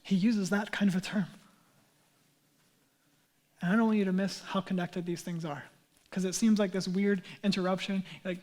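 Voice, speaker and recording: A man's voice: high-pitched, steady tone, normal speed, pauses often, darkish tone. A man in his thirties, a pastor preaching a sermon in an earnest, conversational way with casual asides.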